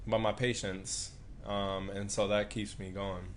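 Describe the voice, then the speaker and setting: A man's voice: lowish voice, little pitch movement, measured pace, a little hiss or hum. A man who works as a physical therapist, telling a personal story earnestly and reflectively as a guest in a live interview.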